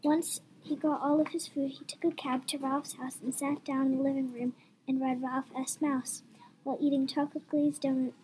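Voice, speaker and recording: High-voiced young woman reader, lively delivery, noisy room. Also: normal speed. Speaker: story reader. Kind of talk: reading a story aloud.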